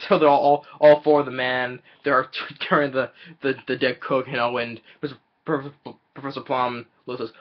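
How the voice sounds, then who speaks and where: A man casually retelling a film's plot in a rambling, halting way, with many fillers and chuckles. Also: medium pitch, steady tone, muffled recording. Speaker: film reviewer.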